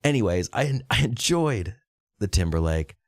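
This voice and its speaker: A man co-hosting a casual podcast. His pitch swings in a lively way as he jumps into exaggerated impressions, and he swears often. The sound is dry and close, with no room echo. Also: moderate pace. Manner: animated, swearing, breaks into exaggerated quoted voices. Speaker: podcast co-host.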